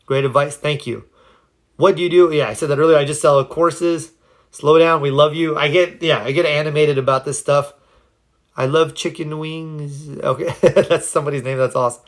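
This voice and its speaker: A man's voice: fairly high pitch, fairly even intonation, normal speed. A man giving earnest, encouraging self-help advice on a phone livestream, answering viewers' questions, his voice a little cracked. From United States. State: slightly cracked voice.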